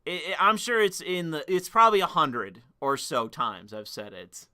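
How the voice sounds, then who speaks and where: A man's voice: on the high side, lively intonation, normal speed, sharp tone, clear, resonant tone. A young man streaming casual commentary, rambling and profane, laughing at his own remarks.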